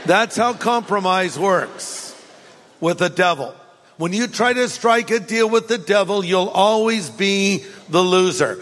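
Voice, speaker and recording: A man's voice: high voice, fairly bright tone. Emphatic male pastor preaching in a reverberant hall. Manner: emphatic, punchy storytelling. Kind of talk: sermon. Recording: long hall reverb, faint music.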